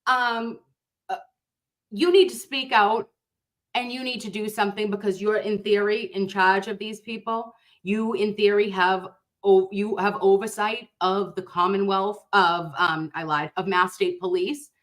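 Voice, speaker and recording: A woman's voice: medium pitch, steady tone, a little slow. Fiery, blunt-talking woman streamer. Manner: passionate and outraged. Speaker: livestream host and nurse. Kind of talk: casual livestream chat reading viewer comments.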